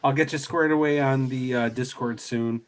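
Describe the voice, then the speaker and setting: A man's voice: medium pitch, steady tone, moderate pace, a crowd in the background. A man hosting a panel podcast in an easygoing way, reading out and thanking viewer messages. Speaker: podcast host. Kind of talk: casual panel chat.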